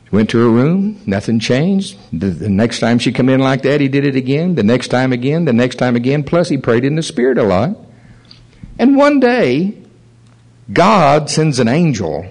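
Male pastor, mid-pitched, animated storyteller in a sermon. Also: unhurried, rough recording. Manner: animated storytelling, chuckles at his own stories.

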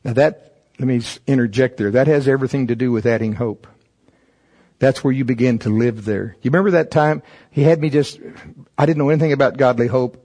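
A man's voice: medium pitch, a little mellow. A man preaching a sermon, reading from a text and stopping to comment, rising emphatically on key words. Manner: reads a text aloud and stops to comment.

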